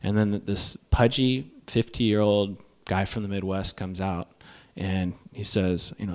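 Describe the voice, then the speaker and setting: A man's voice: lowish voice, a little slow, few pauses, smooth. A man telling a comic story to a live audience, self-mocking and acting out each voice. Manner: animated, acts out every voice, self-mocking.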